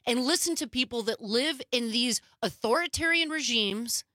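A woman's voice: on the high side, lively intonation, moderate pace, pushed and bright, no echo, studio quality. A woman panelist on a political talk show, heated and emphatic.

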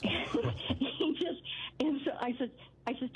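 A woman's voice: fairly high pitch, big pitch swings, slow pace, breathy edge. An older woman calling in to a radio show, talking in a rambling way with many restarts. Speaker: caller. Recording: dull lo-fi phone line.

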